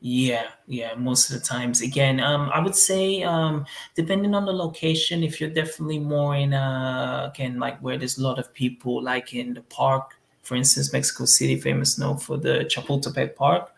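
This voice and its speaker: A man's voice: mid-range voice, steady tone, normal speed, creaky, hardly any pauses. A man answering interview questions in a laid-back, rambling way full of fillers. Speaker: interview guest living abroad. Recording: roomy echo.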